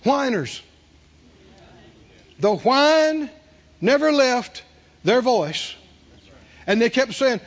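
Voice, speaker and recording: Man preaching, high voice, very lively pitch, emphatic repetition, dull lo-fi recording. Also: drawn-out words, long pauses. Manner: emphatic, call-and-response, repeats phrases. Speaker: pastor. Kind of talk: sermon.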